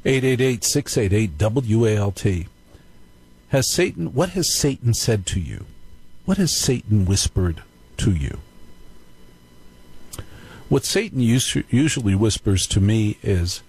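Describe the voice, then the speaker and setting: A man's voice: lowish voice, very animated, normal speed, a little mellow, breathy edge, poor audio. A man hosting a live call-in radio show, telling stories in a playful, joking way. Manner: playful, jokey storytelling. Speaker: radio talk show host.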